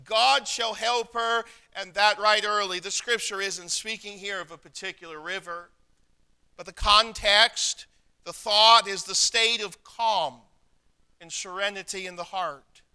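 High, bright-voiced preacher, slow and deliberate. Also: male voice, steady tone, clear, resonant tone. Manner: preaching with rising emphasis and soft, drawn-out endings; quotes and repeats scripture slowly for weight. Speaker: pastor. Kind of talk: sermon.

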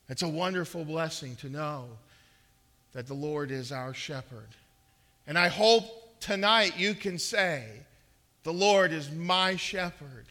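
High, bright-voiced earnest male preacher. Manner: earnest preaching with swelling emphasis and repeated words. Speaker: pastor. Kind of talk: sermon.

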